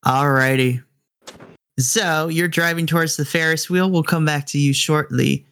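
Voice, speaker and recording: A man narrating a tabletop game as game master, slow and deliberate as he sets scenes. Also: fairly high pitch, fairly even intonation, a bit bright, smooth. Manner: drawn-out, deliberate narration with voiced characters.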